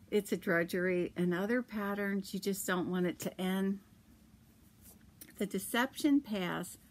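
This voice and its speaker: A woman's voice: mid-range voice, slight background noise. A middle-aged woman hosting a podcast from her yarn shop, chatting casually and laughing often as she tells stories and shows knitting patterns. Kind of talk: casual chat about knitting.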